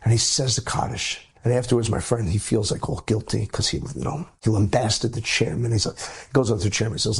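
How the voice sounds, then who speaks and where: A man, a rabbi, telling an inspirational story in an animated way, his voice jumping up high at dramatic moments. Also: fairly quick, gravelly, husky.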